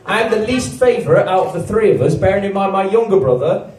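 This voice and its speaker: A man in his twenties from England doing a stand-up comedy set, deadpan and self-deprecating, with big jumps in pitch on his punchlines. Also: a little fast, a crowd in the background. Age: 20s. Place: comedy venue with a live audience. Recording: echoey venue, mic at a distance. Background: audience laughter.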